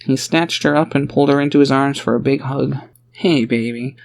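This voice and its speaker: A man narrating a fantasy audiobook in an even, steady storytelling manner. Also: mid-range voice, quick pace, creaky. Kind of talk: scripted narration.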